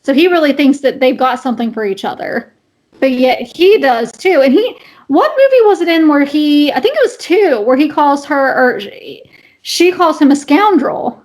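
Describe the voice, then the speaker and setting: A woman co-hosting a podcast talks in a high, light voice. She rambles casually and keeps restarting her sentences. Her talk is stuffed with fillers. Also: very animated, moderate pace, a little mellow. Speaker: podcast co-host. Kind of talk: casual chat.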